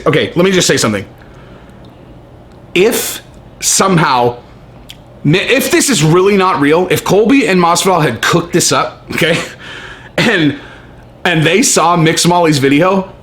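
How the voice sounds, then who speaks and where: A man's voice: fairly high pitch, a bit bright. A man ranting in a casual vlog, brash and profane, stressing his points. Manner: brash, profane, emphatic, keeps saying okay. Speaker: MMA commentary vlogger. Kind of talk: casual opinion rant.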